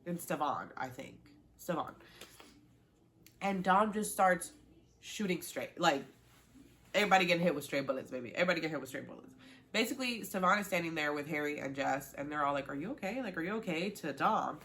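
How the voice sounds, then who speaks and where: Chatty young woman with a low voice. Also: brisk. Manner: chatty and animated, lots of "like" and quoted reactions. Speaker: reality TV recap host. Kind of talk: casual recap chat.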